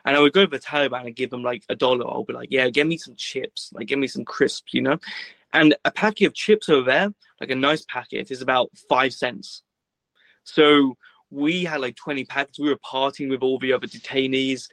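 Young British man, guest, gravelly, dry close sound, easygoing rambler. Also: mid-range voice, fairly quick, fairly bright tone, dry recording, poor audio. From Britain. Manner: rambling, laid-back, full of "like" and quoted dialogue. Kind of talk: casual storytelling.

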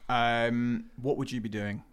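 A man hosting a podcast in a casual interview, friendly, asking questions and chiming in with quick affirmations. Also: mid-range voice, fairly even intonation, clear, resonant tone. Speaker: podcast host.

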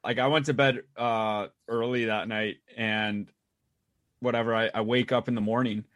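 A young man tells a rambling story in a relaxed, easygoing way during a casual chat. His voice sits at an ordinary pitch. The sound is dry and close. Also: moderate pace, dry recording. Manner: rambling, laid-back storyteller.

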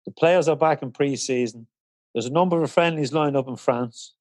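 A man's voice: medium pitch, moderate pace, a little mellow, dry recording, poor audio. A man with an Irish accent, hosting the interview and setting up long questions. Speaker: interviewer, host.

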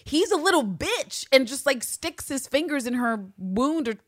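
A woman co-hosting a podcast, recapping a TV episode in casual, animated, profane chat. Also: high voice, moderate pace, no echo, clean studio sound. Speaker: podcast co-host.

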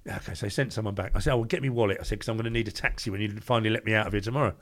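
Fast-talking older London man. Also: fairly low pitch, steady tone. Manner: brisk, acts out dialogue in his stories. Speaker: guest, former doorman. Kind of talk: anecdotal storytelling.

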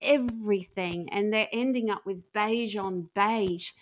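A woman's voice: mid-range voice, unhurried, slight background noise. A woman comedian from Australia telling bawdy stories in casual podcast chat, laughing often. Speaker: comedian guest.

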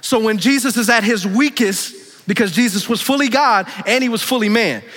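A man with a high, bright voice preaching with fervor, surging up in pitch and force and then dropping to low, quiet asides. His voice rings out with the long reverb of a large church hall. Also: normal speed. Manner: impassioned, swinging between loud high preaching and hushed low asides. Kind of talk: sermon.

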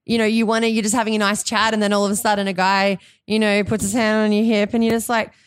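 A woman's voice: medium pitch, little pitch movement, fast, clear, resonant tone, no echo, studio quality. A woman, a musician guest on a podcast, chatting in an easygoing way with plenty of "you know"s. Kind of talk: casual chat.

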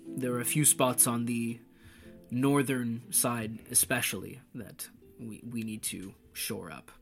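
Guy doing a serious guard captain, careful and formal, middle pitch, kind of slow and steady. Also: vocal fry, soft background music. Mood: grave. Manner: measured, formal and cautious. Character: stern pragmatic male city guard captain.

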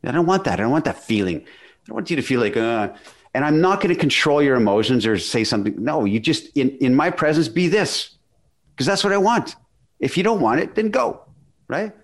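A man in casual conversation, telling a story with emphatic, animated delivery and acted-out dialogue. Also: fairly high pitch, brisk.

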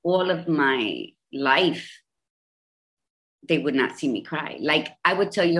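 In a candid personal interview, this Bridgeport, Connecticut, woman in her 50s recounts her experiences at a measured pace. Her low voice is emphatic and animated, and she keeps repeating phrases for emphasis.

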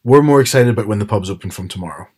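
A man's voice: fairly low pitch, animated, very fast, darkish tone, slightly rough. A man chatting casually as a podcast co-host, retelling TV scenes with quoted lines. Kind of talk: casual chat.

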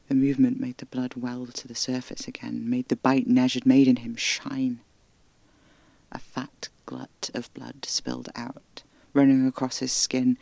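Male narrator, horror audio drama: gravelly, hushed, intimate, dry sound. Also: mid-range voice, no room sound. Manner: hushed, intimate, often breathy whispering.

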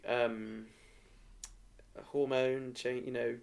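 Guy, gravelly voice, thinking out loud, bit hesitant, casual chat. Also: medium pitch, flat delivery, slow pace, slight background noise. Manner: reflective, hesitant, with repeated words. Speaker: podcast co-host.

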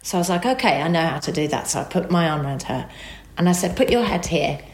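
A woman telling an emotional personal story as a guest, animated and acting out the dialogue. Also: on the low side, fast, reverberant.

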